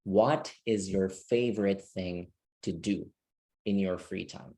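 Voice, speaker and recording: A man's voice: low-pitched, slow, dark tone. A man teaching an online English speaking class, patient and checking that students understand.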